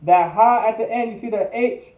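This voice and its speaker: High-voiced man teaching, tinny and echoey. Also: a little fast. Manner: repetitive, drills each word, thinks aloud. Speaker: class teacher. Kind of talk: livestreamed language class. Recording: echoey, distant, tinny phone-like sound.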